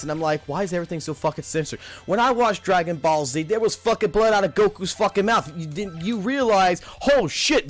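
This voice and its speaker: A man in his thirties giving casual stream commentary as a livestreamer, ranting in an animated, profane, rambling way. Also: high voice. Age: 30s.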